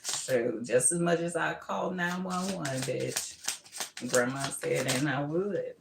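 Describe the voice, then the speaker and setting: A woman's voice: low voice, takes it slowly, vocal fry, roomy sound, background noise. A middle-aged woman giving a casual live tarot reading, brash and laughing often, calling listeners boo and baby. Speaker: tarot reader.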